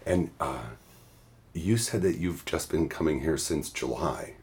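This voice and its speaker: A man hosting an interview podcast, hoarse and losing his voice, asking gentle, curious questions. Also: very deep voice, unhurried. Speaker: podcast host. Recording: guitar music playing behind.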